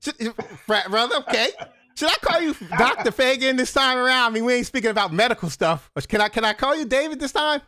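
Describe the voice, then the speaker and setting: A man hosting a casual live talk show, loud and excitable, laughing often. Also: very high voice, a little fast.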